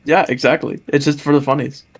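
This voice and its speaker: A man's voice: a little high, fairly even intonation, brisk. A man co-hosting a casual podcast chat, giggly and rambling with stammering restarts. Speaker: podcast co-host.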